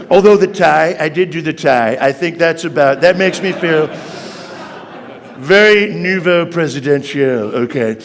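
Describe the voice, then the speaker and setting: A man doing stand-up comedy on a theater stage, animated and ironic as he talks to the audience. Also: fairly high pitch, creaky. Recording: long reverb of a stage hall.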